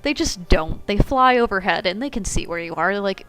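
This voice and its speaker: Brief: female podcast co-host, mid-pitched voice, dry teasing humor, relaxed rambling delivery, soft music underneath. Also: fairly quick, rough recording. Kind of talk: casual gaming podcast chat.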